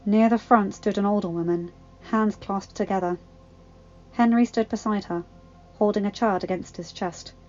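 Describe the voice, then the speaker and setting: A woman reading a fan fiction story aloud in a calm, even manner. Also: medium pitch, moderate pace, lo-fi sound. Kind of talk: audiobook narration.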